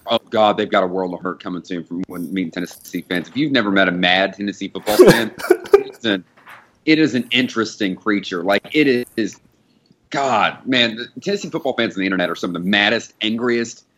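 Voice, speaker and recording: A man co-hosting a casual sports podcast, rambling and animated as he talks, swearing and laughing along the way. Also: fairly low pitch, fairly quick. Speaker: podcast co-host.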